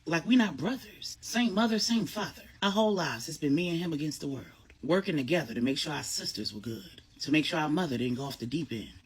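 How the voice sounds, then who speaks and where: A woman doing a young man from a storybook who pleads earnestly about his little brother, loud and lively with a low, husky tone. He sounds devoted and worried. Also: fairly quick, few pauses.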